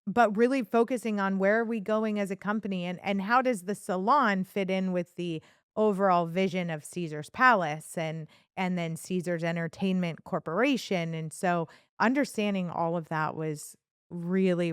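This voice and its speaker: Female podcast co-host, salon owner, lower pitch, exceptionally clean tone, chatty storyteller, dry mic. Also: smooth, no echo. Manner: storytelling, warmly affirming, many restarts. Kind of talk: casual business podcast talk.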